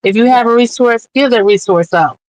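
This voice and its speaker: A woman's voice: fairly high pitch, a little fast, a little mellow, dry recording, rough recording. A woman guest on a streamed interview show, talking earnestly and with passion as an advocate, close to tears at times. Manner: earnest, impassioned, tearful at times. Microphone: remote streaming mic.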